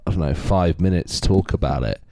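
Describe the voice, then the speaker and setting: A deep-voiced English man co-hosting a casual podcast. He sounds relaxed, supportive and blunt. The recording is dry and close. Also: brisk, creaky, dry recording. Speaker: podcast co-host.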